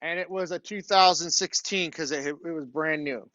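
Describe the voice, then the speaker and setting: A man's voice: fairly high pitch, moderate pace, bright, forceful tone, no room sound, lo-fi sound. A middle-aged man, a university lecturer, telling a story in a classroom lecture and often asking "okay?". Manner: chatty storytelling, frequent "okay?" check-ins.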